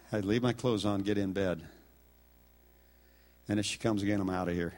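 An older man preaching, telling a story with animated acted-out dialogue and laughter. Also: fairly low pitch, normal speed. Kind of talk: sermon storytelling.

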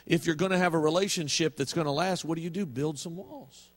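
A man's voice: a little high, steady tone, fast talker. A middle-aged male pastor preaching a sermon in a folksy, humorous storytelling way.

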